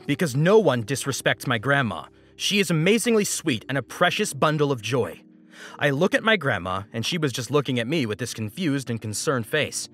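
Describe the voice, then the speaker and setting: A man narrating online stories in an expressive, wry manner. His mid-pitched voice moves in a lively way, with faint music under it. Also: a little fast. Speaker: story narrator. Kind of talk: reading online stories aloud.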